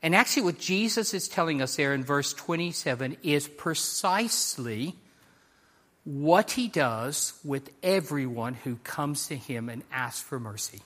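Male pastor, high bright voice, earnest emphatic sermon delivery. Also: lively intonation, a little slow. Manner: earnest, emphatic, repeats key phrases, speaks to the congregation.

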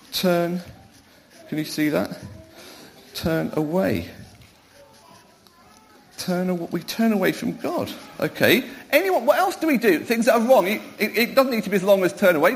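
A man's voice: high-pitched, animated, unhurried, long pauses, a little hiss or hum. A middle-aged man, a pastor, giving a playful children's talk in church, quizzing the children and calling them up to help. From Wales.

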